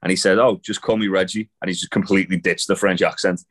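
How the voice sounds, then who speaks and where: Deep-voiced male co-host, loose rambling recap delivery with frequent swearing. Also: fairly even intonation, fast, slightly rough. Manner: rambling, swears casually, many fillers. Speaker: podcast co-host. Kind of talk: casual wrestling recap chat.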